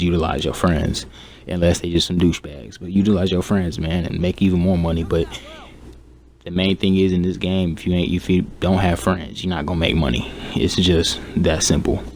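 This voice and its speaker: A young man with a low, deep voice talks in a flat, monotone way, keeping it quiet and subdued. He rambles casually through gaming advice with plenty of fillers. A faint hiss sits under the recording. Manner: laid-back, rambling with many fillers. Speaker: gaming YouTuber.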